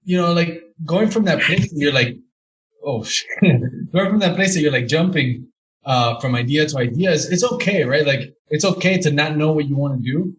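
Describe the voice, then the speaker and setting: A man's voice: fairly high pitch, a little fast, a bit bright, poor audio. A man hosting a casual podcast interview, asking long, loose questions full of slang and restarts. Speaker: podcast host.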